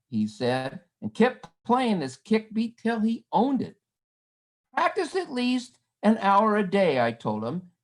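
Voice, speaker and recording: A woman with a lowish voice reads her poem over a video call at an unhurried pace. Her pitch swings widely as she slips into quoted voices. The delivery is wry and lively. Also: low-quality recording. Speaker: poet reading at an online event. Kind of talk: poetry reading.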